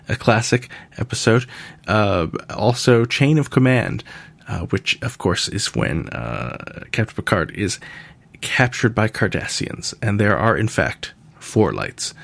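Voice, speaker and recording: Dry-humored American man, gravelly voice. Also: on the low side, animated, unhurried, a bit bright, no room sound. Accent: General American. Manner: dry, joking asides. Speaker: podcast host answering listener questions. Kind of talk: casual listener Q&A.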